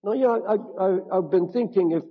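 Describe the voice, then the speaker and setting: A high-voiced man preaching a sermon, his husky tone carrying a vivid retelling that he aims right at the listener. He stumbles and restarts, then presses forward with mounting urgency. The recording is muffled and lo-fi. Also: long reverb tail. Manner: storytelling, addressing the listener directly, rising to emphatic pleas; halting restarts and repeated words.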